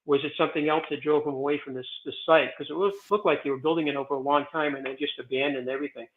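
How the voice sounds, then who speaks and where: A man's voice: a little high, racing. A man in his sixties, a guest on an interview, telling stories in a rambling, digressive way full of fillers and restarts. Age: 60s. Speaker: guest, president of a historic stone site. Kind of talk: casual interview storytelling. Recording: tinny phone-like remote line.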